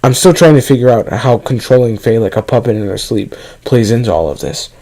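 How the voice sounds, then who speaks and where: A man narrating a first-person horror story at a steady reading pace. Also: mid-range voice, a little fast, poor audio.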